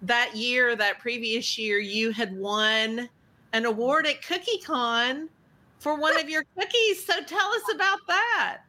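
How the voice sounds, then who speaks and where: A woman's voice: on the high side, measured pace, bright, forceful tone. A woman hosting an interview, asking questions in a friendly way and laughing along with her guest. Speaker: podcast host. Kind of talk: casual interview.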